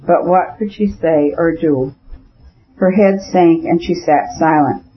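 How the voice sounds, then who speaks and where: A man narrating a classic novel in measured, even storytelling. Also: on the high side, a little hiss or hum. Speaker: audiobook narrator. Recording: dull lo-fi audiobook recording.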